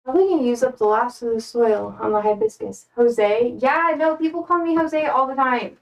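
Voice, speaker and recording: A woman's voice: fairly high pitch, animated, moderate pace, far from the mic, poor audio. A young American woman chatting casually with her stream while repotting plants, rambling and self-deprecating. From United States.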